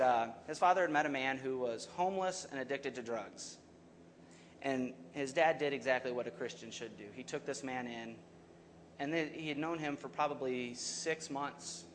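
A man's voice: medium pitch, slight background noise. A young adult man preaching a sermon as pastor, talking conversationally and asking the congregation questions.

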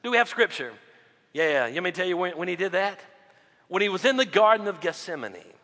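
A male pastor preaching a sermon, swinging between loud emphatic lines and quiet low drops. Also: sing-song, fairly quick, long reverb tail.

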